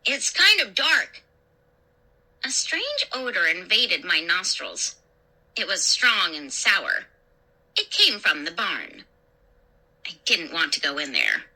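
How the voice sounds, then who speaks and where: A woman storyteller reading a first-person horror story in a dramatic, expressive way. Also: lowish voice, slow. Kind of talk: scripted horror story narration.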